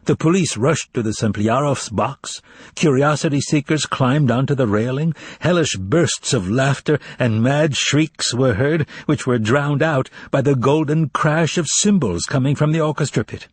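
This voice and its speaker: A man narrating an audiobook in an expressive way, voicing each character. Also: medium pitch, a little slow, slightly rough, no room sound. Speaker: audiobook reader.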